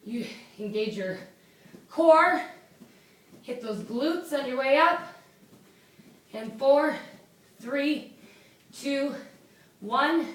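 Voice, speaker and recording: Woman fitness coach, loud and chatty, winded from exercising; raised voice, distant camera mic. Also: on the high side. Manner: chatty, counting reps, laughing at herself. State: out of breath. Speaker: fitness instructor. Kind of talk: home workout instruction. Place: small indoor room. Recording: echoey room from a distance.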